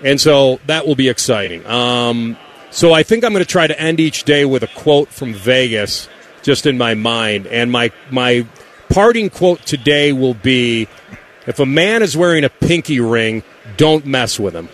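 A man's voice: mid-range voice, animated, measured pace, fairly bright tone, a little hiss or hum. A man co-hosting a sports radio show from a broadcast booth, telling stories in a laid-back way. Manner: laid-back, storytelling, trails off and restarts. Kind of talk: casual radio banter. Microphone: studio mic.

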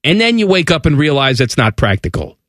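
A man's voice: on the high side, sing-song, brisk, a bit bright, no echo, clean studio sound. A man co-hosting a sports radio show, reading aloud and joking in casual banter with a sarcastic edge. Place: radio studio.

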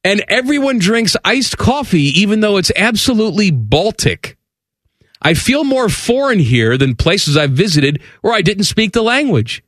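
Radio host guy, animated and mocking, higher voice, bouncy pitch. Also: normal speed, dry recording, studio quality. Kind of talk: casual radio banter.

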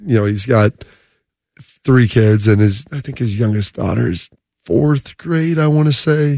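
A man in his thirties co-hosts a morning sports radio show and tells stories in an easy, chatty way, acting out the quoted lines. His voice sits at a middle pitch. The studio sound is dry and close. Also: measured pace, vocal fry, dry recording. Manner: animated storyteller, acts out quotes. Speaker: radio co-host. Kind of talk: casual sports radio chat. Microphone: studio microphone.

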